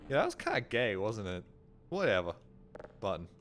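A man's voice: on the low side, wildly swooping pitch, moderate pace, a bit bright, faint music behind. A man streaming a video game live, talking through his play with jokes, curses and startled yelps. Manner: jokey, swears often, yelps when startled. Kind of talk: live gameplay commentary. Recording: game gunfire noise under voice. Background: video game gunfire and clicks.

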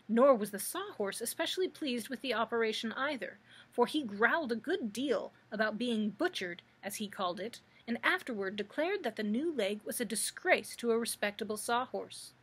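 A woman librarian reading a children's book aloud with expressive storytelling. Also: mid-range voice, slightly rough.

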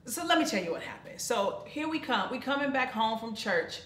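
A woman, co-hosting a faith and family talk show and telling a story with animated, dramatic flair. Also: on the high side, a little fast, slight background noise. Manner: animated, dramatic retelling with loud shrieks. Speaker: podcast co-host. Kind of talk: casual storytelling. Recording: echoey room.

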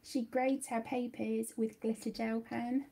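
A woman's voice: a little high, level tone, a little slow, creaky, dark tone. A young woman hosting a colouring livestream from home, chatting and reading out viewer comments. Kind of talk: casual livestream chat.

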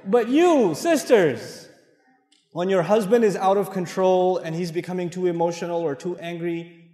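A man's voice: high-pitched, fairly quick, a little mellow. A middle-aged man giving a playful, story-driven lecture to a mosque audience. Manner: storytelling, playful, acts out dialogue. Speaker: Islamic lecturer. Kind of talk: animated lecture with anecdotes. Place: large mosque hall. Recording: echoey hall from far off.

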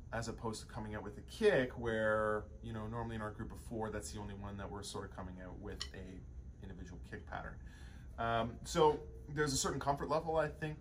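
A man's voice: mid-range voice, slight background noise. A young man teaching a drum lesson, explaining sticking patterns in a loose way with many fillers and restarts.

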